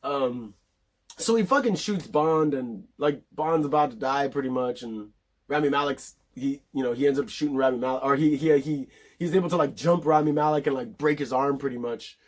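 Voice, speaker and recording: A man's voice: mid-range voice, normal speed. A man casually recapping a movie in a rambling, profane way, full of filler words. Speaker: film reviewer.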